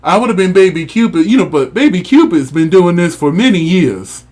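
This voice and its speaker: A man co-hosting a casual review show, speaking in a relaxed, soft-spoken way. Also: high voice, fairly quick. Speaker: podcast co-host.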